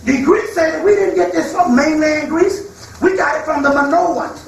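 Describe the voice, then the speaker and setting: A man in a rambling spoken lecture with a fairly high voice, heard from a distance. He talks emphatically and profanely, slipping into mocking asides. The room is strongly echoey, with a faint hum behind him. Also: normal speed, gravelly. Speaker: spiritual lecturer. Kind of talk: freewheeling lecture. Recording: echoey hall, far from mic.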